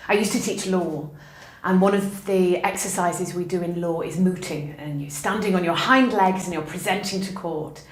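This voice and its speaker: A woman's voice: fairly low pitch, normal speed. Emphatic woman in an echoey room. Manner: warm, emphatic and encouraging. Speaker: university educator. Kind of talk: interview answers with anecdotes.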